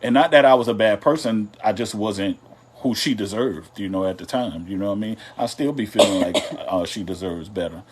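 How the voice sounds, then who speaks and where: A man's voice: on the low side, brisk, heavy background noise. A man co-hosting a live couples talk show, chatting casually in a loose, drawling and teasing way. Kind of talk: casual live-stream chat.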